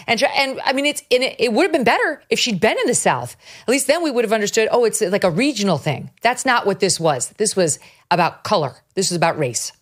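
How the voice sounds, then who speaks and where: A woman's voice: mid-range voice, animated, fast talker. A woman hosting a talk show, speaking emphatically and with disbelief about politics. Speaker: podcast host. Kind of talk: political commentary chat.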